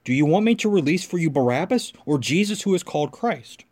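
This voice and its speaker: Man reader doing an uneasy Roman governor in a scripture reading, slightly high, earnest. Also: lively intonation, darkish tone. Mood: insistent. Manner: earnest, measured reading of quoted lines.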